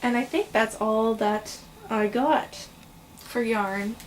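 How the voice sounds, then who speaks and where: A woman's voice: a little high, slow pace, noisy background. Chatty woman gushing over yarn. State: hiccups, tired. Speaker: crochet vlogger. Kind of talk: casual show-and-tell vlog.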